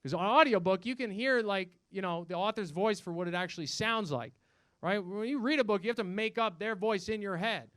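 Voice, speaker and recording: Young guy doing standup, kinda high clear voice, self-deprecating, swears a lot. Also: brisk, a bit bright, no room sound, studio quality. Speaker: stand-up comedian. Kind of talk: stand-up set. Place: comedy club stage.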